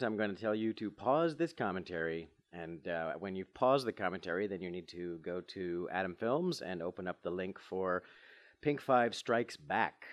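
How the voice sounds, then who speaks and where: Low-voiced man chatting on a commentary. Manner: chatty, explains step by step. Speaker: commentary co-host. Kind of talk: casual chat.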